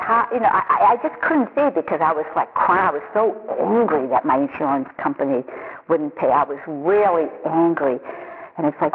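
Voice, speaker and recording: A woman telling her personal recovery story in a halting, confessional way, often repeating her words. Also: fairly low pitch. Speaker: recovery program member sharing her story. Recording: tinny phone-line sound with long echo.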